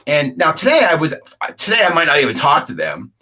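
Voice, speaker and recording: A man's voice: on the high side, wildly swooping pitch, brisk, bright, forceful tone. Middle-aged man telling a rambling story. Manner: rambling, acts out the dialogue of others. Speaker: guest recounting a UFO encounter. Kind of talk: casual anecdotal storytelling.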